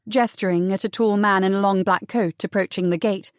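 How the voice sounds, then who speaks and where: Expressive woman audiobook narrator, dry sound. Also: medium pitch, no room sound. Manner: measured, expressive reading.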